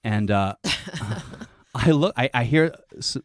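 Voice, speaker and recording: A man's voice: medium pitch, animated, takes it slowly, no room sound. A man in a dry close-mic studio, telling a comic story on a podcast in a rambling, self-interrupting way with frequent restarts.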